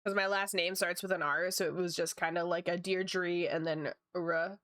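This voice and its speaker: A woman's voice: lowish voice, fairly even intonation, moderate pace, a bit bright, no echo, clean studio sound. A woman chatting casually with her stream while drawing, often breaking into laughter. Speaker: art streamer.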